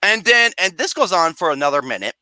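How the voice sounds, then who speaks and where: Lively, bright-voiced movie ranter. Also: medium pitch, a little fast, no echo. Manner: animated, laughing, swearing, sarcastic. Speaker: movie review host. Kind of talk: profane comedic rant.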